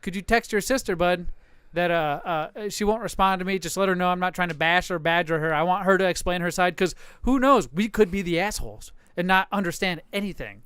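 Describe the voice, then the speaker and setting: A man with a high, smooth voice co-hosts a casual podcast and likes to provoke people, swearing freely and laughing a lot. His voice is recorded dry and close, with no room sound. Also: brisk, fairly bright tone, no echo. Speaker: podcast co-host.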